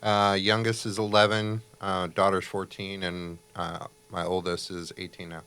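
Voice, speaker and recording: A man in his forties from Chicago speaks in a very deep, smooth and resonant voice. He is a guest in a studio, telling stories in a relaxed, easygoing way. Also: moderate pace. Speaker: podcast guest. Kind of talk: casual chat.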